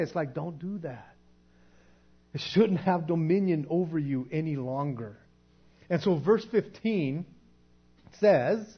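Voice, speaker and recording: A man's voice: a little high, takes it slowly, long pauses, breathy edge. A man teaching a Bible lesson in a casual, conversational way, often repeating words as he works through a point. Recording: dull lo-fi recording.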